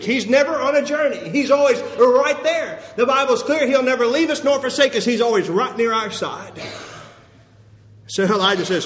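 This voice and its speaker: A man preaching a sermon to a church assembly in a relaxed, conversational way, chuckling often. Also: very high-pitched, a little fast. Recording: long reverb of a church hall.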